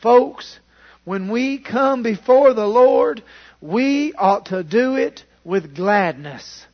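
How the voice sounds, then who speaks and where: A man preaching a sermon as pastor, fervent, with restarts and loud exclamations. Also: very high voice, animated, slow. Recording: dull lo-fi sound.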